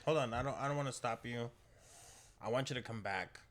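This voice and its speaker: A man's voice: medium pitch, brisk, fairly bright tone. Joking man steering a podcast chat. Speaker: podcast host. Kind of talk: casual chat. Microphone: podcast mic at a table.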